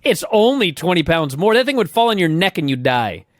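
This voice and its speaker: A man co-hosting a casual wrestling recap chat, an animated storyteller who swears often and acts out quotes. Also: sits high, a little fast, no room sound, clean studio sound. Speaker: podcast co-host.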